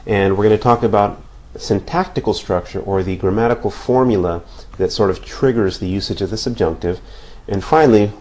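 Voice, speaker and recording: Male language teacher, lower register, patient whiteboard explainer. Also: a little mellow. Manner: patient, repeats points with frequent "okay?" checks. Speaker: Spanish teacher. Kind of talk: whiteboard grammar lesson.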